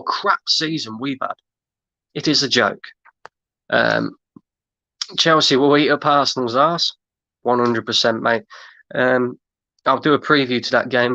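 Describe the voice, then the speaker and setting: Ranting man, bright voice. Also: medium pitch, no echo. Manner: exasperated, ranting, repeats himself. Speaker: fan channel host. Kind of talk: livestream rant reading chat.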